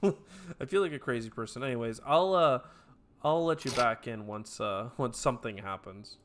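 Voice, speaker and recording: A man commentating his own strategy game playthrough, bursting into excited trash talk and then dropping to quiet mutters. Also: medium pitch, normal speed, a little hiss or hum. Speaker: let's play gamer. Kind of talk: gameplay commentary. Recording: clear game music behind voice. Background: game background music.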